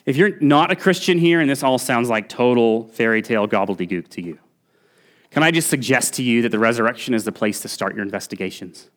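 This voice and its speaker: A man's voice: mid-range voice, expressive, brisk. Earnest male pastor preaching. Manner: earnest preaching, rising emphasis on key points, occasional restarts. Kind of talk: sermon. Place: church sanctuary.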